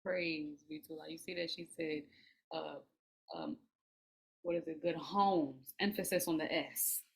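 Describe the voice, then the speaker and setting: A woman hosting a casual video-call talk, teasing her guest with quick asides. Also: low voice, fairly even intonation, vocal fry, breathy edge.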